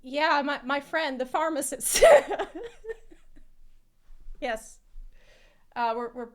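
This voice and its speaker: A woman's voice: high voice, slow, pauses often. A tired woman streaming, chatting casually and rambling, often breaking into laughter.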